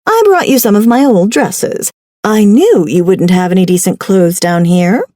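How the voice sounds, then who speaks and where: A woman voicing a perky, somewhat haughty grandmother who talks briskly. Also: mid-range voice, warm tone, no echo, clean studio sound, close to an everyday voice.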